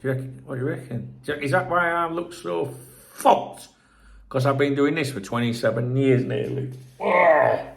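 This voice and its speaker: A man's voice: mid-range voice, steady tone, fast talker, vocal fry, few pauses. A middle-aged man hosting a football channel, ranting in a sweary, exasperated, rambling sign-off to viewers.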